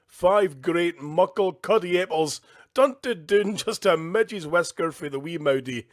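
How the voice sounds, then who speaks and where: Highland scottish guy reading a kids book at the kitchen table, chatty and jokey, voice a bit on the high side. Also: lively intonation, normal speed. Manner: easygoing, jokey, chatty asides. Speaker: host reading a children's book. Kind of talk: casual storytime reading. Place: kitchen at home, indoors.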